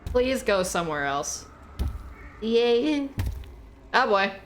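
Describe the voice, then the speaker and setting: A woman's voice: on the high side, very animated, slow pace, a little hiss or hum, poor audio. Playful, teasing woman streaming a game. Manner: playful, teasing, swears freely, talks back to game characters. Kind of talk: casual gameplay commentary.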